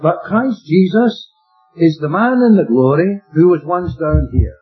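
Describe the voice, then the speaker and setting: Preaching through a Bible passage, this man speaks unhurriedly in a fairly high, husky voice. His style is plain-spoken and emphatic, full of rhetorical questions for the audience, captured on a dull lo-fi recording with faint music.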